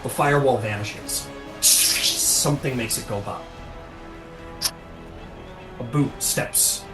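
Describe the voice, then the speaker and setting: A man's voice: medium pitch, takes it slowly, recorded from a distance. A man narrating a tabletop game as game master, rambling with many fillers. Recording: echoey room, music behind.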